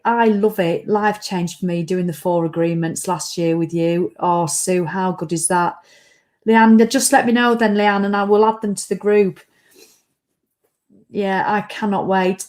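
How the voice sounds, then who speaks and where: A woman hosts a relaxed live stream from home, talking warmly and loosely to her viewers. She rambles a little and greets people by name as their comments come in. Her voice sits at a middling pitch. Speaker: online fitness coach. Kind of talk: casual live stream chat.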